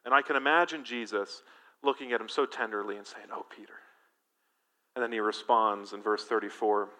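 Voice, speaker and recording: Animated, bright-voiced male pastor. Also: lowish voice, fairly quick. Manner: animated, emphatic, engages congregation. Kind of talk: sermon.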